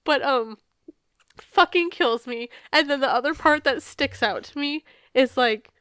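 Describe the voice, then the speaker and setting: A woman co-hosting a casual podcast talks in a fairly high voice, teary and stuffy-nosed from crying. She swears freely and gets emotional as she chats. The sound is dry and close. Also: moderate pace, a bit bright, clear, resonant tone, dry recording. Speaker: podcast co-host. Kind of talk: casual chat.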